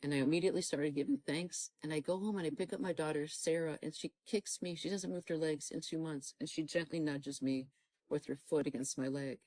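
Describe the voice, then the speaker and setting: A middle-aged woman with a low, warm voice tells her personal testimony in earnest. She acts out her own past dialogue as she goes. The sound is dry and close. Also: brisk, no room sound, rough recording. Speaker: guest telling her testimony.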